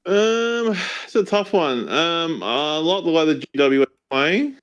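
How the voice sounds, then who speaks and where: A man's voice: on the high side, lively intonation, measured pace, fairly bright tone, smooth, muffled recording. Aussie guy co-hosting, kinda hesitant, trips over his words. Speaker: co-host.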